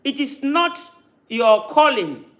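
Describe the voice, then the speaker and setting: High-voiced man hosting. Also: very animated, takes it slowly, sharp tone. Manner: insistent, cuts in with repeated no's. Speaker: live-stream host. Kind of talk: heated live-stream talk.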